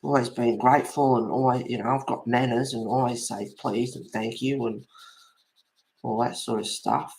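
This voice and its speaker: Gravelly man, a colouring host with easy, rambling chatter. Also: mid-range voice, fairly even intonation, normal speed, darkish tone, low-quality recording. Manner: chatty, rambling anecdotes with laughs. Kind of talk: casual chat while colouring.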